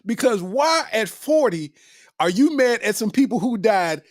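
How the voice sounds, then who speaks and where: Laughing man ranting with lively pitch. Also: a little slow, no room sound, clean studio sound. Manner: loud laughing, slangy, freestyles a rap at the end. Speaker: podcast host. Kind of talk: comedic rant.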